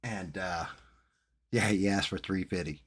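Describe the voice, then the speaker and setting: A man hosting a stream, telling a profane, animated personal story in a casual chat. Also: low-pitched, unhurried. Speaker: streamer host.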